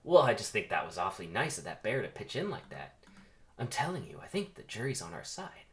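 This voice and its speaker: A man's voice: on the low side, huge pitch swings, a little fast, a bit bright, heavily acted. A man reading the part of a small, earnest, cheeky male bee in a comedic script reading, playful and teasing.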